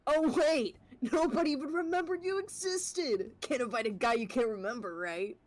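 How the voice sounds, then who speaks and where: Woman reading a sneering schoolboy; sarcastic, taunting, a touch high. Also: normal speed, a little mellow, natural voice. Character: mocking former classmate, teenage boy.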